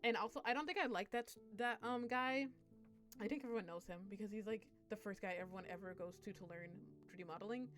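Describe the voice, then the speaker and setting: A woman's voice: mid-range voice, quick pace, a bit bright, faint music behind. A young woman streamer chatting casually on a live stream, rambling, swearing and laughing as she talks.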